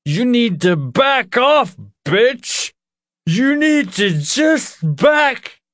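A man doing a drunk, slurring man yelling crude insults, his voice pushed high and strained. The words drag slowly and sound dry and close. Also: very animated, no echo, exaggerated voice. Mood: drunk angry.

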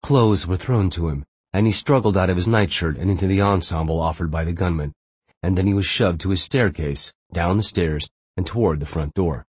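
A man narrating a thriller audiobook in a steady, measured way. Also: sits low, husky, dry recording.

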